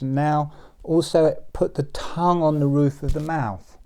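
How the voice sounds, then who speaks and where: A man's voice: fairly high pitch, fairly even intonation, moderate pace, gravelly, warm tone. A man leading a guided breathing and relaxation exercise, giving soothing step-by-step instructions.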